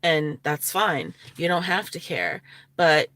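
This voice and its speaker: A woman's voice: deep voice, sing-song, slow pace, bright, forceful tone. A woman vlogging casually to her viewers, chatty and opinionated, laughing often as she talks. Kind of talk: casual talking-head vlog.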